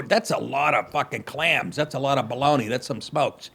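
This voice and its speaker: A man's voice: medium pitch, normal speed, vocal fry, fairly bright tone, husky. A middle-aged man hosting a comedy podcast, reading news stories aloud and breaking off into profane, sarcastic asides.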